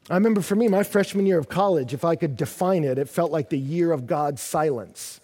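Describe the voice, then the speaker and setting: A man's voice: on the high side, fairly quick, hardly any pauses, dark tone, slightly rough. A man preaching a sermon to a congregation, emphatic and repetitive as he acts out the psalmist's prayers. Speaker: pastor. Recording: long hall reverb.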